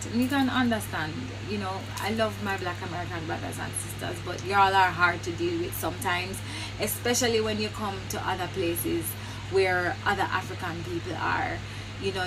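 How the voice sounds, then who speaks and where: A woman's voice: medium pitch, background noise. A woman speaking her mind in an emphatic, frustrated monologue to camera. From Jamaica. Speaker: social media commentator.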